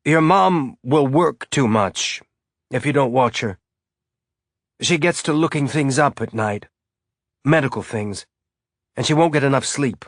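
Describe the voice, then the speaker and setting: A man's voice: mid-range voice, a little slow, long pauses, no room sound, clean studio sound, pitched above the performer's own voice. A man voicing a choked-up grieving father. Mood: choked, tender. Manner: forcing a light, upbeat tone. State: choked up, throat thick. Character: grieving middle-aged father holding back tears. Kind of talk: audiobook character voice.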